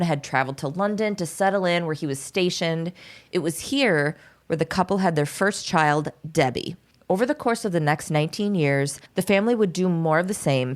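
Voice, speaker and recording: Brief: woman host, lowish voice, casual true-crime narration, wry asides. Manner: chatty, quick to laugh, sarcastic asides. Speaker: podcast host.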